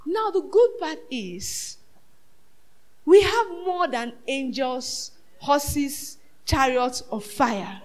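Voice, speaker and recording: A woman preacher with a high voice, delivering a sermon in bursts. She rises to shouts and falls to near-whispers, and often asks the congregation questions. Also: lively intonation, very slow. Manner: dramatic, swinging between shouted peaks and hushed asides.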